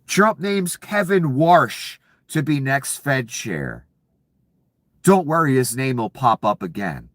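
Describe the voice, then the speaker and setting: A man's voice: mid-range voice, expressive, slow pace, few pauses, a bit bright, dry recording, clean studio sound. A man delivering an angry, profane political rant, sarcastic and furious. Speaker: political commentator.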